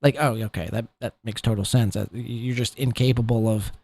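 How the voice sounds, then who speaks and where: A man's voice: medium pitch, fairly even intonation, a little fast, warm tone, dry recording. A man hosting a podcast who rants in a profane, scornful, rambling way about people he covers. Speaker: podcast host. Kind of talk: ranting commentary.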